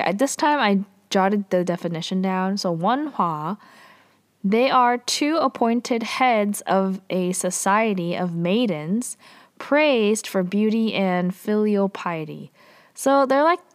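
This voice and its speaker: A woman casually recapping a drama episode, chatty and full of fillers, with lively quoting. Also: mid-range voice.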